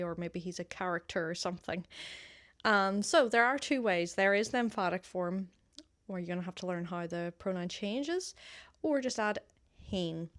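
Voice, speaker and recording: A woman with an Irish accent teaching a casual online language lesson. She is patient and repeats example phrases slowly for learners. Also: fairly low pitch, no room sound.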